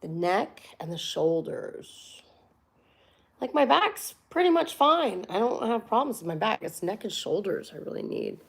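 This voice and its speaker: A woman's voice: mid-range voice, big pitch swings, unhurried, creaky, slightly rough. A woman hosting a casual livestream, chatting candidly and laughing often. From United States. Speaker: livestream host.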